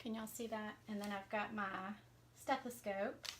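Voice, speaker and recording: Speaking at a moderate pace with a steady, medium-pitched tone, a Southern craft vlogger chats casually with her live-stream viewers while working. Fillers crop up often, and the background is noisy.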